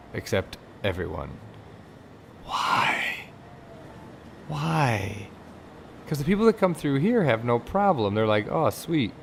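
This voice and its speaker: A man with a low, gravelly voice talks his way through a game in a loose, rambling style. He grows exasperated when things break. A faint hiss sits under his voice. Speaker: let's play host. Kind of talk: casual gameplay commentary.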